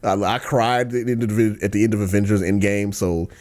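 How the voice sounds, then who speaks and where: A man hosting a podcast in casual chat, slangy and ranting, dropping to low mumbles and then bursting into excited outbursts. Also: brisk. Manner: slangy, lots of fillers and restarts. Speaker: podcast host.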